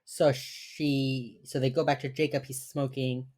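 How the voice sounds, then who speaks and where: A woman's voice: rumbling low, flat delivery, a little slow, darkish tone. A woman co-hosting a podcast, rambling through a TV episode recap, swearing casually and laughing often. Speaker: podcast co-host.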